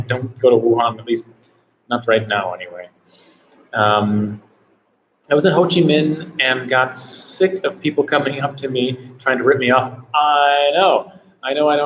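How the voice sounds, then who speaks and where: A man hosting a laid-back live travel Q&A stream, talking at a middling pitch. He rambles and leans on "like" between his thoughts. A faint hiss of noise sits under his voice. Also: rough recording. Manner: rambling, heavy on "like" fillers. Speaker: travel vlogger host. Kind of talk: casual live Q&A chat.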